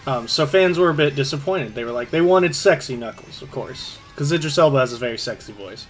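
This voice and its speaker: A man's voice: medium pitch, lively intonation, a little fast, soft background music. A man streaming a racing game, chatting casually about shows and movies with many fillers.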